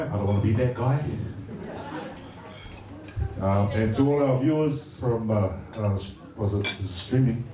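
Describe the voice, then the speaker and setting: A man's voice: fairly low pitch, unhurried, long pauses, a crowd in the background. A middle-aged man from Samoa gives a casual, joking speech at a birthday party, hesitant and full of fillers. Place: large party hall. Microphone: handheld mic. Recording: echoey hall from far off, noisy.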